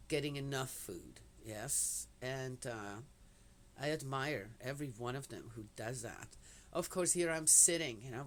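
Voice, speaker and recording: A woman's voice: rumbling low, a little hiss or hum. An older woman chatting in a meandering, talkative way, drifting between personal stories and Bible commentary and often dropping in little "yes" asides. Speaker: vlogger. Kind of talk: rambling casual chat and Bible commentary.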